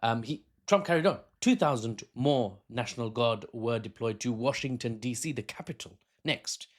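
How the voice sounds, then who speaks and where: A man at a medium pitch talks through political events in a loose, unscripted commentary. He keeps breaking off with chatty, self-mocking asides and laughs easily at himself. It is recorded on a phone camera. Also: moderate pace. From Britain. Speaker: political analyst.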